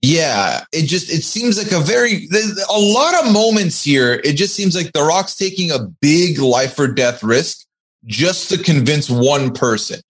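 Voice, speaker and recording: A man's voice: a little high, expressive, measured pace, fairly bright tone. A man co-hosting a casual movie podcast, talking in a skeptical, wry way. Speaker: podcast co-host.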